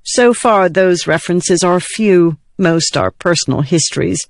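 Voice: medium pitch, measured pace, dry recording, natural voice. A stern scholarly woman who speaks in a precise, didactic way, put on by an audiobook narrator. Her voice sits in a middle register and is recorded dry and close, with no room sound. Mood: measured. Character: stern scholarly woman, a lecturing adult daughter.

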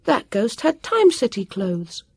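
An indignant, frazzled young girl, as a woman puts her on in an audiobook. The voice rides well above the narrator's, swinging widely, with a husky grain. It sounds close and dry. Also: a little high, sing-song, a little slow, no room sound, voice pushed up, exaggerated voice. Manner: indignant, rising to loud outbursts.

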